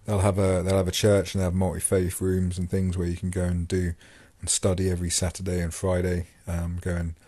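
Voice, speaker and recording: A man's voice: low-pitched, completely flat delivery, a little fast, few pauses, dark tone, dry recording. A man hosting a podcast, talking casually about his time in prison, rambling with many fillers and restarts. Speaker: podcast host and former prisoner. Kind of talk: casual monologue.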